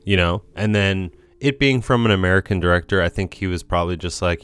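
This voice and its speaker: A man's voice: sits low, steady tone, brisk, a bit bright, clear, resonant tone. A man co-hosting a podcast in casual movie-review chat, rambling and hesitant, swearing casually. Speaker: podcast co-host.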